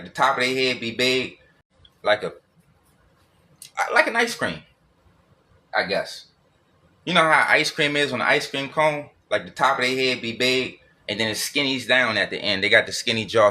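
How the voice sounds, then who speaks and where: A man's voice: mid-range voice, moderate pace, bright, forceful tone. A man giving a blunt, profane solo monologue, repeating and circling back over his points.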